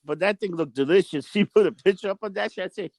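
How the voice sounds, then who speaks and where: A man chats loosely on a podcast, swearing and filling gaps with um and like. His voice is high for a man and gravelly. The recording is dry and close. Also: fast talker, darkish tone, dry recording. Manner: casual, profane, asks questions, many fillers. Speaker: podcast co-host. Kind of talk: casual podcast chat.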